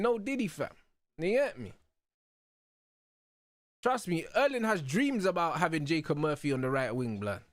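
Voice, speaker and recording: A young man hosting a live football watch-along, talking excitedly in heavy slang and laughing loudly. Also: high voice, no echo. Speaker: host.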